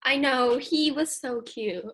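Breathy-voiced teenage girl, giggly co-host. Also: high voice, slow pace, a bit bright. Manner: chatty, giggly storytelling. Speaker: podcast co-host. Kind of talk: casual chat.

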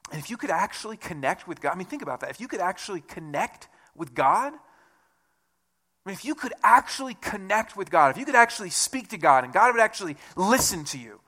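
A man with a high, bright voice gives a sermon in a loose, conversational way. He jokes at his own expense and talks as a pastor would to his congregation. His tone is lively and clear. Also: fairly quick. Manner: conversational, self-deprecating asides.

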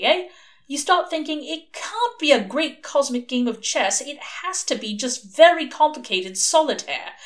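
A woman's voice: high-pitched, voice pushed up. A woman voicing Crowley, a wry male demon. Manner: excitable, rambling, with rising questions.

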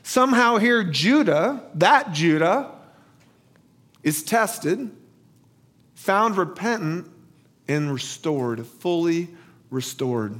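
A male pastor preaching a sermon, telling a story slowly and asking rhetorical questions. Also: sits high, very animated, a bit bright.

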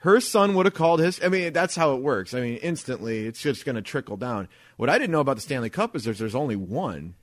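A man's voice: mid-range voice, sing-song, fast talker, hardly any pauses, dry recording. A male podcast host with a middling voice spins rambling, crude stories in loose, casual chat. He swears freely and laughs along with his own jokes. The sound is dry and close, with no room around it. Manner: rambling storyteller, profane and laughing.

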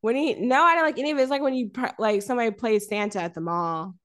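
A woman co-hosting a podcast, chatting casually about a film, animated and laughing often as she riffs. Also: on the high side, quick pace. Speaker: podcast co-host.

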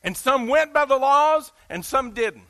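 A man's voice: very high-pitched, lively intonation, a little slow, pushed and bright. A man with a Southern US accent preaching a sermon in an emphatic, folksy way, asking his listeners questions.

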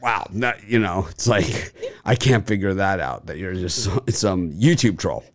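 A man's voice: low voice, expressive, a little slow, a crowd in the background. A man hosting a sports betting show, chatting casually, rambling with many fillers and boasting. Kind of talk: casual chat.

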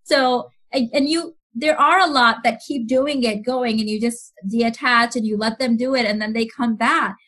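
A woman speaking as a mentor guest in a podcast interview, animated, acting out other people's voices and laughing often. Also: fairly high pitch, normal speed, few pauses.

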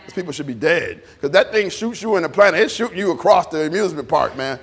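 A man preaching an informal, conversational sermon, animated and repetitive, drawing responses from the congregation. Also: on the high side, quick pace, breathy edge. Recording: long reverb in a church hall.

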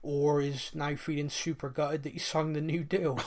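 A man's voice: fairly high pitch, steady tone, measured pace, darkish tone. Laughing man on a podcast. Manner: rambling, laughing, self-deprecating. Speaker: podcast co-host. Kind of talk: casual chat.

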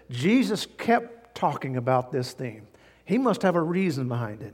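A man preaching a sermon as a pastor, animated, with sudden jumps in pitch and loudness. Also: in a large hall.

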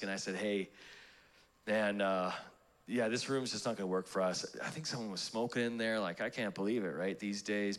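A man's voice: lowish voice, fairly bright tone. A pastor preaching a sermon, telling a personal story in a conversational way, laughing at himself and restarting his sentences. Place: church auditorium.

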